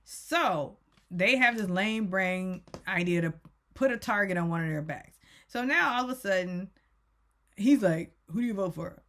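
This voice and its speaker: A woman's voice: medium pitch, expressive, unhurried, a bit bright. A woman vlogger giving a chatty, rant-style recap of a TV show, talking straight to her viewers with teasing asides.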